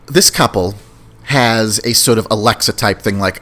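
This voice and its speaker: A man's voice: fairly low pitch, moderate pace, bright, forceful tone. A man hosting a podcast, chatting casually about movies in a rambling way and often repeating words. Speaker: podcast host. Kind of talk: casual movie review chat.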